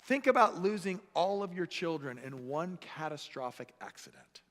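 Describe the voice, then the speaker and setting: A man preaching a sermon as pastor, animated and acting out the voices he quotes. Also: on the high side, moderate pace. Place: church sanctuary. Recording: echoey church hall.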